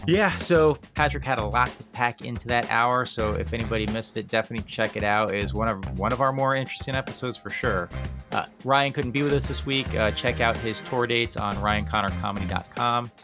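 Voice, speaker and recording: A man's voice: medium pitch, a little fast, over music. A man hosting a podcast, chatty and reactive, with lots of fillers, who wraps up the show. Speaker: podcast host. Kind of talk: casual chat and show outro.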